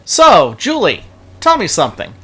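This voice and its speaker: A man's voice: high voice, huge pitch swings, normal speed, pushed and bright, slightly rough, soft background music. Joking man hosting a game playthrough. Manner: joking, chatty. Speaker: let's play host. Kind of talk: casual gameplay commentary.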